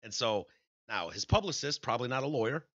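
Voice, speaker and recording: A man's voice: mid-range voice, animated, brisk, fairly bright tone, dry recording, highs cut off. A man with a Michigan accent co-hosting a podcast in casual banter, joking and acting out quotes. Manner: chatty, joking, acts out quotes. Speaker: podcast co-host.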